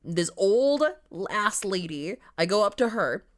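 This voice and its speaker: A woman co-host in casual chat, low-key, often agreeing along and swearing. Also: lively intonation, a little slow.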